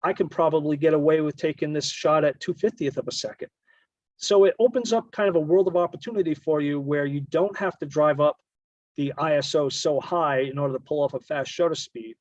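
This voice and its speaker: A man's voice: a little high, a little fast, dry recording, lo-fi sound. A man giving a casual slideshow presentation on bird photography, explaining at length and often correcting himself mid-sentence. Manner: explanatory, rambling, self-correcting.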